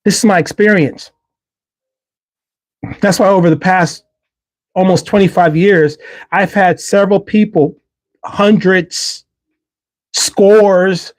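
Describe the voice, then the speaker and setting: A middle-aged man speaking in a fairly high voice, hosting a livestream. He delivers an earnest, faith-based motivational talk and leans hard on repeated phrases for emphasis. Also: fairly even intonation, slow pace, long pauses. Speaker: livestream host.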